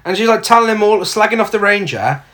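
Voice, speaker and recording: A podcast co-host tells the plot in a casual, sardonic way and swears freely. The pitch swings widely, which keeps the delivery animated. Lines from the film are acted out along the way. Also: quick pace.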